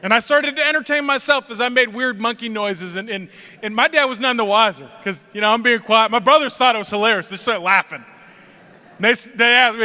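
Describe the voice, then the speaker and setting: A man telling a funny family story on stage, animated and jokey, acting out the scenes. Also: extremely high pitch, a little fast, big-room sound. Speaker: speaker at a school event.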